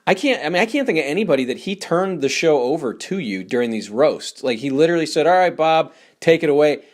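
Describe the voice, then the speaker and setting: A man's voice: a little high, lively intonation, fast. A man interviewing a guest, asking casual questions that he often breaks off and restarts.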